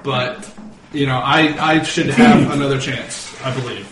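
A man's voice: mid-range voice, moderate pace, noisy background. Indignant man role-playing, echoey room. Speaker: player. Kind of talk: in-character role-play.

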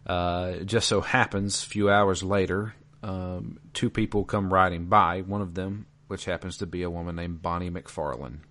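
A man from the American South talks through a video game in a loose, rambling podcast chat. His voice sits low, and he fills pauses with frequent uhs and ums. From Georgia, US South. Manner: relaxed, rambling with many fillers. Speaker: podcast co-host.

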